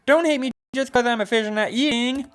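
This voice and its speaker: A man voicing a bubbly, airheaded ghost party girl in a video game, squeaky and giddy. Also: brisk, a bit bright.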